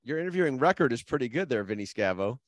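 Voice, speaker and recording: A man's voice: medium pitch, big pitch swings, quick pace, dry recording. A man hosting a casual interview, asking questions with a friendly, teasing manner. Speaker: interview host.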